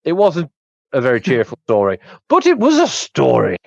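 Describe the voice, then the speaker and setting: A man's voice: medium pitch, wildly swooping pitch, moderate pace, creaky, dry recording, heavily acted. Sloshed slurring innkeeper type, a man putting it on, muffled dry mic. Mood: rambling. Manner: slurred, rambling. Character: drunk rambling male tavern keeper.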